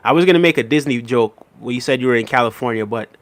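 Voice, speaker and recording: A man hosting a spiritual live stream, casually chatting and reading viewer comments aloud, with a relaxed, easygoing delivery and frequent "right?" check-ins. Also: medium pitch, fast. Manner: relaxed, conversational, laughs often, frequent "right?" and "big up". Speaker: livestream host reading chat.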